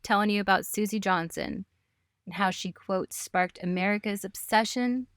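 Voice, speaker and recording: A woman's voice: medium pitch, moderate pace, a bit bright, no room sound. Woman podcast host, giggly storyteller, dry close sound, mid voice. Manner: giggly storyteller, playful asides. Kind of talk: casual history chat.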